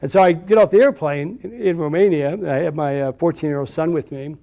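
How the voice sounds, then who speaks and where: Gravelly and dark-toned, with a fairly high pitch and a slightly fast pace, a middle-aged man addresses a live audience at a business event. He tells anecdotes chattily, often using fillers and starting over.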